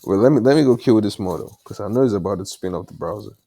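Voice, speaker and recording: This man, a developer vlogger with an African accent, chats to himself while coding late at night, using lots of fillers and some mild cursing. He talks fast, his fairly low voice creaky, warm and slightly rough, with lively intonation. His headset mic is far from his mouth.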